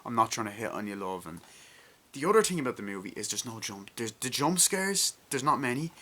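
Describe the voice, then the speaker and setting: Irish male movie reviewer, casual and excitable, crisp bright tone, faint hiss behind. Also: on the low side. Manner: rambling and enthusiastic, with swearing.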